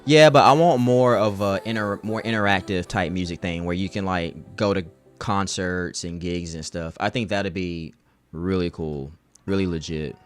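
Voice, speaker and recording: A man's voice: low voice, fairly even intonation, moderate pace, soft background music. A young man streaming live, chatting casually with his chat in a laid-back, slangy way.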